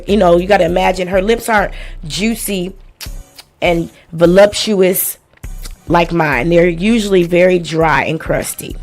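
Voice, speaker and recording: A woman hosting a live stream, reading and commenting on a lawsuit in a blunt, profane and sarcastic way. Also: lowish voice.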